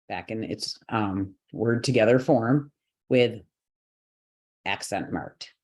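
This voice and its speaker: A man's voice: mid-range voice, a little mellow. A man teaching a chant lesson online, explaining the rules patiently step by step, with light laughs now and then. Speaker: yoga and mantra teacher.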